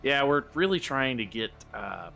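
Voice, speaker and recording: A man's voice: medium pitch, sing-song, normal speed, creaky, sharp tone, faint music behind, pitched above the performer's own voice, full character voice. A man voicing an eager, folksy small-town councilman who talks like a salesman.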